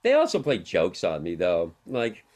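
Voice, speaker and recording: A man's voice: sits low, wildly swooping pitch, normal speed, darkish tone. A middle-aged man talks as a guest on an interview show. He tells long, wandering personal stories in a casual way and laughs often between them. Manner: rambling, anecdotal, laughs often. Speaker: interview guest, harm reduction worker.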